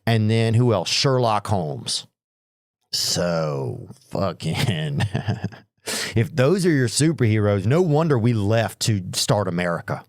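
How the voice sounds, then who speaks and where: A man's voice: on the low side, very animated, takes it slowly, no room sound, studio quality. A man doing loose, rambling stand-up comedy, swearing and laughing at his own bits.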